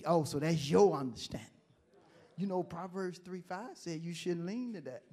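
A male pastor preaching a sermon, moving from quiet, conversational asides to loud, emphatic call-and-response lines. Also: sits high, animated, a little slow.

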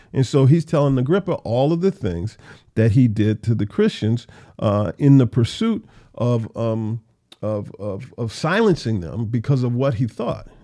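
A man's voice: mid-range voice, dark tone. A man teaching a casual Bible study, reading verses aloud and explaining them conversationally, with frequent restarts.

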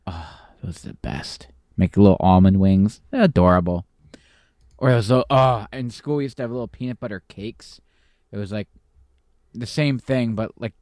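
A man's voice: fairly low pitch, darkish tone, no room sound, clean studio sound. A congested man co-hosting a podcast in casual chat, rambling and full of fillers, with a slight lisp. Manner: rambling, filler-heavy chatter. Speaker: podcast co-host.

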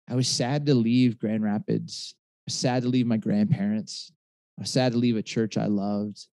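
A man's voice: on the low side, mellow, no echo. A man in his forties, a pastor and author, telling a personal story in a conversational interview, with many restarts and fillers. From Michigan.

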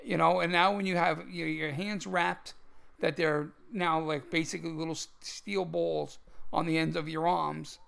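A man's voice: a little high, fairly even intonation, normal speed, vocal fry, a bit bright. A man co-hosting a martial arts podcast, talking emphatically and instructively, often repeating words as he explains. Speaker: podcast co-host. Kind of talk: casual martial arts chat.

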